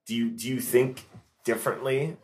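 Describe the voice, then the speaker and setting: A man's voice: medium pitch, normal speed, a crowd in the background. Easygoing male interviewer. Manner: supportive, frequent short agreements. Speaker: host. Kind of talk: casual interview chat.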